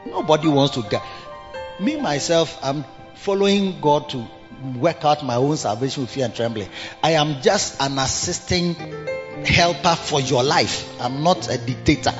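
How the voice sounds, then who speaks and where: A man's voice: a little high, expressive, normal speed. A man preaching a sermon as pastor, emphatic and full of rhetorical questions to the congregation. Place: church service. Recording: dull long church reverb with music.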